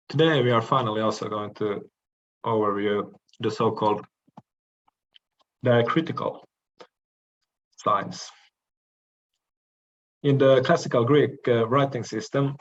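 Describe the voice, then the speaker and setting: Male lecturer, slow and measured, hesitant "uh" pauses, muffled lo-fi recording. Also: lowish voice. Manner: measured, explanatory, frequent "uh" pauses and restarts. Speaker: language lecturer.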